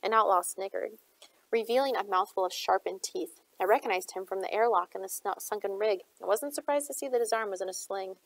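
A woman narrates a novel at an even storytelling clip, her voice showing some vocal fry at mid pitch. The recording is dry and close, with no room sound. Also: brisk, no echo, low-quality recording. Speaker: audiobook reader. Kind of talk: reading a novel aloud.

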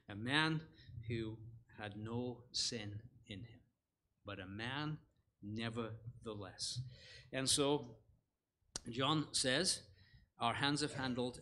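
A man teaching scripture to a church conference in a middle-pitched voice. He builds emphasis and then lets it drop, asks rhetorical questions of the listeners, and stumbles through fillers and self-corrections as he explains. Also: fairly bright tone. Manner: earnest, rising and falling emphasis, asks the audience rhetorical questions. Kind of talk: expository sermon. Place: church hall.

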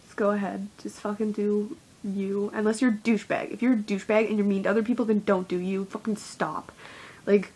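A woman's voice: medium pitch, level tone, fairly quick, a little mellow, husky. A young woman giving a rambling, heavily profane, self-deprecating confessional vlog monologue as a YouTuber.

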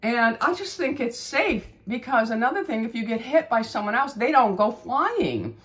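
A woman's voice: fairly high pitch, sing-song, moderate pace. A woman in her fifties, a beauty channel host, chatting casually and rambling through a story. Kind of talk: casual chat.

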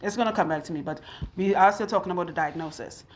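A woman's voice: on the low side, fast talker, slight background noise. Chatty woman talking while doing hair. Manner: chatty, talks to viewers while multitasking. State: out of breath. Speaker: loctician vlogger. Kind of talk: casual chat while working on hair. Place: hair salon in a home.

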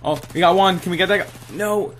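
A young man giving excitable, trash-talking live commentary over his own gameplay, full of gamer slang. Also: sits high, a little fast. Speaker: gaming channel host.

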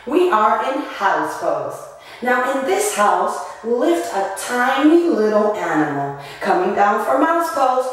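A woman teaching a children's yoga and movement lesson, telling an animal story in a slow, singsong way. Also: a little high, sing-song, faint music behind. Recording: echoey room from a distance.

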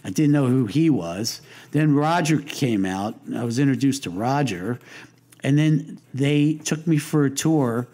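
Expressive and unhurried, an older man's warm mid-range voice fills this interview, where he appears as a guest. The lighting designer shares casual anecdotes that wander, with restarts, fillers, and wise-guy humor.

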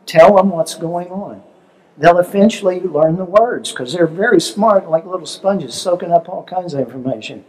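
An older man leads a relationship seminar in an easy, conversational way. His voice sits a little higher than most men's, and he tells homely stories while checking in with his listeners. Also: normal speed, a little mellow, rough recording. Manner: conversational, storytelling, asks audience questions. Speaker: seminar speaker.

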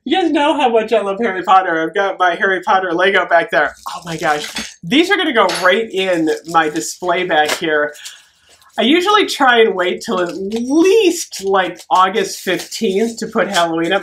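Excitable woman vlogger, lively voice. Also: mid-range voice, a little slow, a little hiss or hum. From United States. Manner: excitable, gasping and giggling. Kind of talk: casual unboxing vlog.

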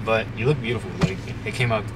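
A young man chatting casually on his and his fiancée's vlog, relaxed and easygoing, with "like" fillers. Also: fairly low pitch, fast talker, over music. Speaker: vlogger.

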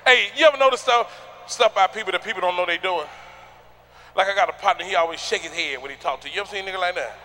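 High, bright-voiced stand-up comedian. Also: male voice, fast talker, a little hiss or hum. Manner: loud, animated storytelling with acted-out voices. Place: comedy stage before a live audience.

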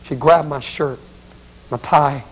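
A man preaches a dramatic revival sermon in an auditorium. He tells the story with acted quotes in a fairly high voice, then climbs into loud, pleading appeals. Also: fairly even intonation, slow, breathy edge, rough recording. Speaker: evangelist.

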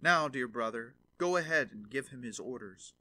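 A man's voice: mid-range voice, lively intonation, moderate pace, pushed and bright, full character voice. A man voicing a boastful young journeyman turner in a fairy tale reading. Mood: proud. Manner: boastful, commanding.

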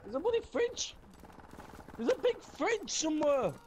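Lively young man gaming. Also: very high voice, normal speed. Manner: excited, laughing. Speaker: gamer. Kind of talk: casual game chat. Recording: noisy game voice chat.

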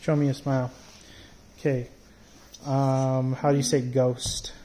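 A man talking casually with his young child in a home video, soft-spoken, patient and coaxing as he quizzes them. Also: medium pitch, level tone, a little slow, rough recording.

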